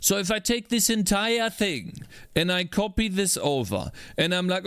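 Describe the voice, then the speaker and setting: A man's voice: sits high, sing-song, normal speed, fairly bright tone, clean tone, no echo. Male streamer, game dev, frustrated and cursing at his work; dry, close sound. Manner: frustrated, exasperated, talks to himself; swears. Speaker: indie game developer streaming. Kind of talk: live-stream chat while working.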